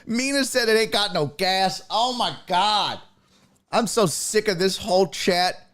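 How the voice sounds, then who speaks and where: A man hosting a casual sports live stream, chatting with viewers. His voice sits a touch high and swings widely in pitch. He talks at an unhurried pace, with profane, exasperated rants that burst into yelling. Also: lively intonation. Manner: profane, exasperated ranting with sudden yelled outbursts.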